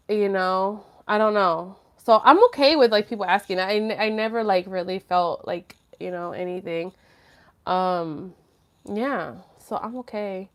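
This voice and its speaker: A young woman hosting a live stream, chatting casually and candidly with viewers in slangy speech full of fillers and the odd curse. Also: medium pitch. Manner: laughs nervously when flustered. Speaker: livestream host answering viewer chat. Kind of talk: casual chat.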